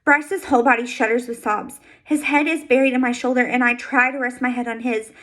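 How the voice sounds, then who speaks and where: A woman with a high voice reads a first-person novel aloud. Her delivery is soft and steady, and it stays intimate throughout. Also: a little fast, low-quality recording. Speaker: audiobook reader.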